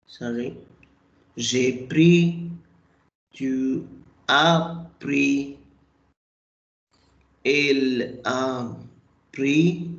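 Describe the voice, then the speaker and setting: Guy teaching french on a video call, slow and patient, echoey room. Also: mid-range voice, lo-fi sound. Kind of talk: online class teaching.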